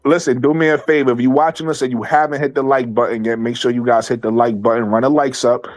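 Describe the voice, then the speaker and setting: A man's voice: medium pitch, steady tone, fast. A man hosting a casual livestream chat, talking animatedly, repeating himself and swearing freely. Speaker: livestream host.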